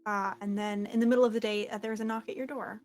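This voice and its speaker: A woman running a tabletop game as game master, enthusiastic and quick to laugh. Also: medium pitch, fairly even intonation, faint music behind.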